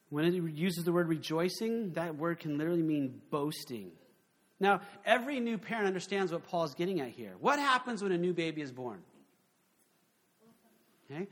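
High-voiced man preaching a lively sermon. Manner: animated, conversational preaching with rhetorical questions. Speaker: pastor.

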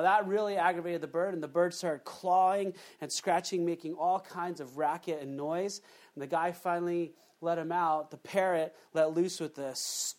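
A man preaching a sermon, telling a joke story with frequent asides to the congregation. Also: fairly high pitch. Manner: animated storytelling with asides to the audience. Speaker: pastor.

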